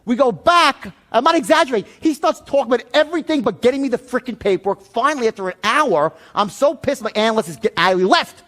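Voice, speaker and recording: A man's voice: extremely high pitch, animated, quick pace, hardly any pauses, a bit bright. A middle-aged man teaching sales in a blunt, profane seminar storytelling style. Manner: blunt, swearing, emphatic. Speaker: sales trainer.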